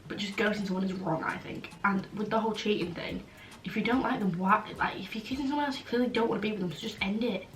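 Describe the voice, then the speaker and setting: A woman's voice: mid-range voice, fast talker, fairly bright tone. A blunt young Englishwoman chats through viewer questions with easy frankness, peppering her talk with "like". Her voice sits in a middle register. It sounds roomy and a touch distant, with a faint hiss behind it. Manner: frank, blunt, chatty, many "like" fillers. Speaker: vlogger. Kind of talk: casual chatty Q&A. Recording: roomy, slightly distant, faint background noise.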